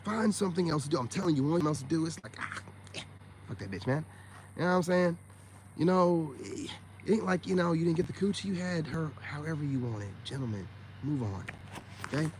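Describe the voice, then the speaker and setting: A man's voice: a little high, lively intonation, brisk, pauses often, background noise. A man on a casual livestream, talking bluntly and with profanity straight to his viewers, peppering his speech with "man" and "you know what I'm saying.". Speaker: online self-help streamer.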